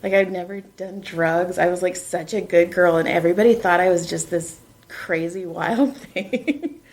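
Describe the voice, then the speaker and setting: A woman's voice: lowish voice, moderate pace. Laughing middle-aged woman host. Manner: laughing often, animated storyteller. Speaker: podcast host giving a massage. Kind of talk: casual chat. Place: basement.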